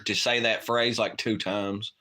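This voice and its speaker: A man's voice: fairly low pitch, fairly even intonation, measured pace, bright, forceful tone. A man co-hosting a late-night livestream, chatting casually in a rambling, profane way and laughing often. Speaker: livestream co-host.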